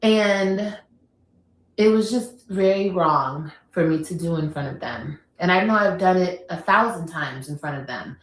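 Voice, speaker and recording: A woman's voice: on the low side, expressive, a little slow. Blunt scolding woman, echoey room. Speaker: livestreamer, mother. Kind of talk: casual livestream talk.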